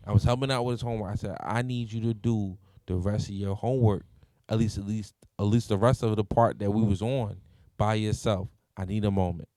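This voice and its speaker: A man in his thirties hosting a casual group podcast, telling stories in a lively way and laughing often. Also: lowish voice, no echo, studio quality. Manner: animated storyteller, laughs often. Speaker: podcast host.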